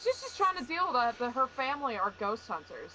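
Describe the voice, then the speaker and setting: Woman, podcast co-host, bright tone, chatty, laughs often, faint noise. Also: high voice, very animated, fairly quick, low-quality recording. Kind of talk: casual fan podcast chat.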